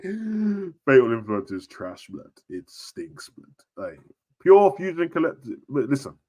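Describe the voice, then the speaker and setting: A young man chatting casually on a live stream about wrestling, full of slang, jumping between shouting and near-whispers. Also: medium pitch, very animated, a little slow.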